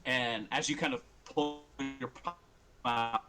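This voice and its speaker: A man's voice: medium pitch, steady tone, takes it slowly, music in the background. A man running a tabletop game as game master, narrating loosely with laughs and swearing.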